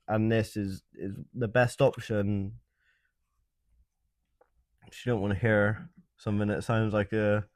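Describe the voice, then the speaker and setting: A man hosts a relaxed live chat, talking at an unhurried, drawn-out pace with a slightly low voice. He is soft-spoken and hesitant, often restarting and repeating his words. The sound is close and dry. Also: clear, resonant tone, dry recording. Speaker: livestream host. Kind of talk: casual chat with live viewers.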